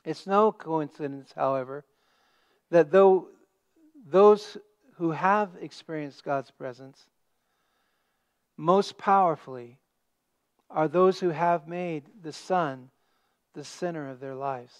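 A man preaching a sermon as pastor, stressing key words and dropping to a hush at the ends of phrases. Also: on the high side, takes it slowly, long pauses. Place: church sanctuary.

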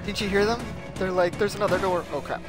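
Jumpy, high-voiced man playing a horror game. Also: fast. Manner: jumpy, yelps and laughs nervously. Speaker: gameplay commentator. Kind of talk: horror game let's play. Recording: commentary over game music.

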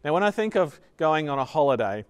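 A man preaching a sermon as pastor, earnestly repeating key phrases and dropping to a soft voice on tender points. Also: fairly high pitch, big pitch swings, brisk, clear, resonant tone.

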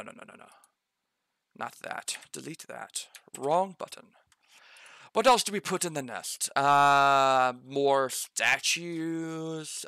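Slow-talking man mulling over a map. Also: medium pitch, gravelly, pushed and bright, smooth, no room sound. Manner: muttering self-corrections; says he has slipped into an accent. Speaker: game master designing a map. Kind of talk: thinking aloud while building a map.

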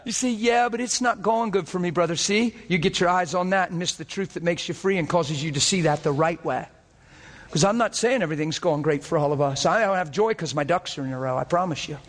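A man preaching a sermon, fervent and earnest, often breaking into laughter as he gets excited. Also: fairly high pitch, a little fast, big-room sound.

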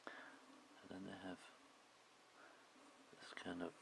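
Deep, gravelly-voiced man teaching drawing. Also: monotone, takes it slowly, noisy background. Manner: casual and chatty, with frequent "um"s and loose phrasing. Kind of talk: spoken drawing tutorial.

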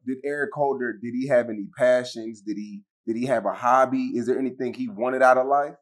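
A man's voice: mid-range voice, steady tone, fairly quick. A man acts as interviewer. He puts plain, short questions to his guest and answers in few words.

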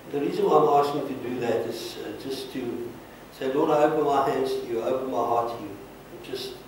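A man in the role of pastor leads an altar call, earnest and pleading as he repeats short blessings. His voice is heard from a distance in a very echoey church sanctuary, with faint room noise underneath. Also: mid-range voice.

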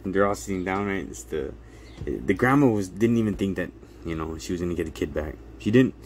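A man telling a story to his viewers in a casual, animated way, acting out what people said, laughing often and checking in with "right?" after almost every line. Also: sits low, fairly quick, slight background noise. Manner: animated retelling, acts out quotes, laughs often, keeps asking "right?". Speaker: channel host telling a court story.

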